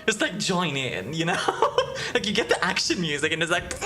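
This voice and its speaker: Belgian-born lady streamer chatting w viewers, low voice, super bouncy pitch, lots of giggles, music in the back. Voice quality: deeper voice. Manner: giggly, warm toward chat, chatty. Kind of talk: casual live-stream chat with viewers. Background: background music.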